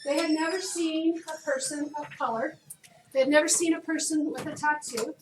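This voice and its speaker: High-voiced woman teaching chemistry. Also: normal speed. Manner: lively, chatty, asks the class questions. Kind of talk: classroom lecture. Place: classroom. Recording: echoey room, distant, noisy.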